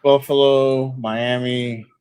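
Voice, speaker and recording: A man's voice: medium pitch, flat delivery, slow, darkish tone, clean tone, dry recording. A man hosting a casual sports podcast, calling on his co-hosts for picks and teasing them. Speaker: podcast host.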